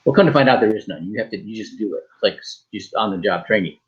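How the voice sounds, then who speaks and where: Joking storyteller man, lo-fi sound. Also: on the low side. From Michigan. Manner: joking, animated, with quick quoted dialogue and restarts. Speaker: guest. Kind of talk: storytelling in a talk show interview.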